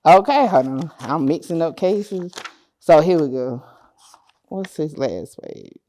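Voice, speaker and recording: A woman's voice: sits low, slow. A woman in an interview seat tells a long story in a loose, casual way. She swears freely and slips into the voices of the people she is quoting, giving the tale an acted-out feel. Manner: animated, acts out dialogue, swears freely. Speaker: interview guest, court-case content creator.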